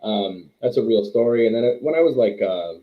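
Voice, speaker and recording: A man's voice: medium pitch, animated, a little fast. A man in his thirties from Quebec, telling rambling, self-deprecating stories as an interview guest. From Quebec, Canada. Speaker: wrestler and trainer, guest. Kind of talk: casual interview storytelling. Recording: tinny phone-like line.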